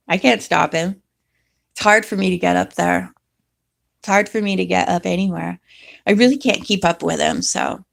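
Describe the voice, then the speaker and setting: Woman vlogger, low gravelly voice, rambling casual chat. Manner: rambling, chatty, talks to her cat in a high voice. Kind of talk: casual chat to camera with her cat.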